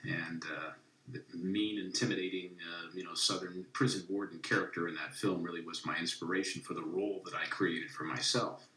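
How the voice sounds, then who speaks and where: A man's voice: low voice, fairly even intonation, brisk, pushed and bright. An older man in a documentary interview, recalling his part in a study in a candid, matter-of-fact way. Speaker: former study participant. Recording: roomy, from a distance.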